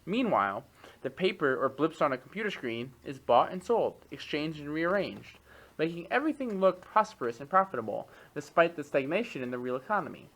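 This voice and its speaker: A man in a reading group, reading long passages of a text aloud and then stopping to comment on them in a relaxed, thinking-aloud way. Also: on the high side, a little fast, poor audio.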